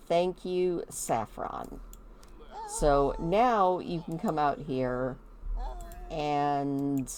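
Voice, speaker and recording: Woman game commentator, chatty and animated, slow delivery, lively pitch. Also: slight background noise. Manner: chatty, animated, talks to her characters. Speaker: gameplay commentator.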